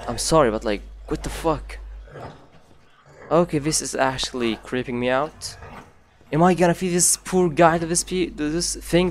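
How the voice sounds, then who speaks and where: A man commentating as he plays a horror game, thinking aloud, talking to himself and swearing often, with phrasing. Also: mid-range voice. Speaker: gameplay commentator. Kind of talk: let's play commentary.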